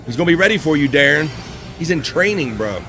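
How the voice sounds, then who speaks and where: Man, livestream host, higher voice, joking banter, music behind. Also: expressive, fast. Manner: joking, laughs often, teasing.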